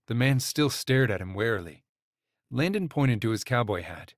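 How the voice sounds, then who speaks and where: Man, audiobook narrator, measured, dry close recording. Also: medium pitch, lively intonation, no echo. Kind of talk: scripted narration.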